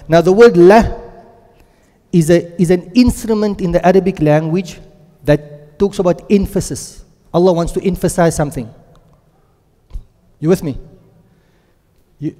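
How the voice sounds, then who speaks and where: In a lecture hall with a long echo, a man whose voice sits high and sounds dark teaches a Quran and Arabic grammar class. He keeps putting questions to the class and drilling words aloud.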